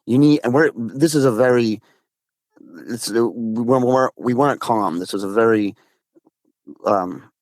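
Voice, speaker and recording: Mid-range in pitch and normal in speed, this Massachusetts man leaves long pauses, with no echo in the recording. In casual storytelling as a guest, he recounts a scary encounter, rambling with restarts and playing both parts of conversations, including his friend's lines.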